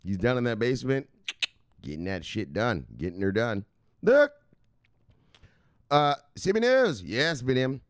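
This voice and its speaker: A man's voice: fairly low pitch, no room sound, clean studio sound. A man hosting a crypto news video, rambling casually through the news with profanity and lots of fillers.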